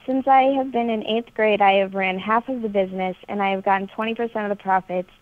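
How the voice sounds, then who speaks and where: A woman's voice: mid-range voice, steady tone, fast talker. An eighteen-year-old woman calling in to a radio advice show, giving short, girlish, matter-of-fact answers. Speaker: caller. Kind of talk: phone call to a radio show. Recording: tinny phone line.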